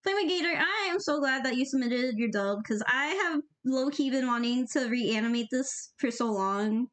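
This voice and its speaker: A woman's voice: sits high, animated, normal speed, fairly bright tone. A young woman animating on a live stream, chatting casually in a bubbly, giggly, slangy way and reading chat aloud. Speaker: animator streaming while drawing.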